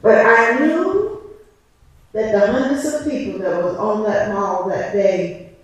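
Captured from afar in a reverberant church, a woman speaks slowly in a medium-pitched voice. As a licensed preacher, she delivers a fervent testimony with a preacher's rhythm and forceful repetition.

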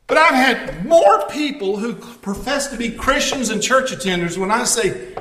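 High, bright-voiced male pastor preaching. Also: big pitch swings, moderate pace, roomy sound. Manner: storytelling, wry asides. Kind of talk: conversational sermon.

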